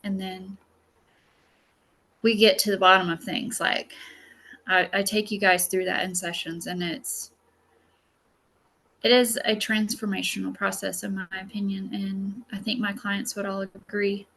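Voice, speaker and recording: A woman healer teaching an online class in a chatty, animated way, full of filler words and personal stories. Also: medium pitch, unhurried, long pauses. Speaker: psychic healer and masterclass teacher. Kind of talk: casual spoken lesson with a personal story.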